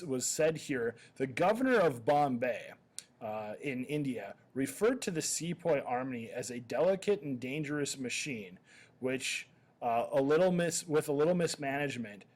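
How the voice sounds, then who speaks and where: A man teaching history in a recorded slideshow lecture, talking conversationally with lots of "uh" and "um" fillers and the odd self-correction. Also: mid-range voice.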